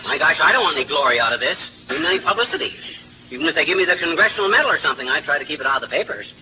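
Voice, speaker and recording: An actor playing a blustering, excitable husband who fancies himself a detective, loud and quick to leap to wild conclusions, in 1940s radio comedy style. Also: male voice, fairly high pitch, lightly acted. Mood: boastful. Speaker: comic lead in a radio sitcom. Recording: muffled old radio broadcast with hiss.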